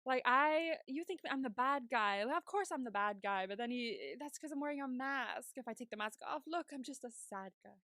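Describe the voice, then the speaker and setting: A woman co-hosts a podcast recap in loose, chatty talk. Her voice sits a little high, and the sound is close and dry with no room around it. She acts out quoted lines from the episode as she goes. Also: moderate pace, hardly any pauses, no echo. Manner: animated retelling with quoted character voices and frequent laughs. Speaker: podcast co-host. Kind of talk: casual TV recap chat.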